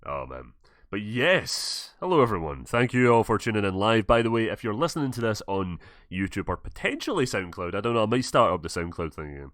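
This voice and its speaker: A man's voice: fairly low pitch, big pitch swings, fairly quick, a bit bright, no room sound. Laid-back Glaswegian man, dry close mic. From Scotland. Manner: laid-back, swearing, laughing often. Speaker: podcast host. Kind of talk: casual chat.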